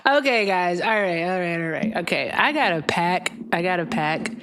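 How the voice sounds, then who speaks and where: A woman's voice: lowish voice, expressive, moderate pace, a little hiss or hum. A woman hosting a casual livestream. She chats loosely and giggles while she plays and talks to her viewers. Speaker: livestream host. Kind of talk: casual livestream chat while playing a game. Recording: loud game music behind the voice.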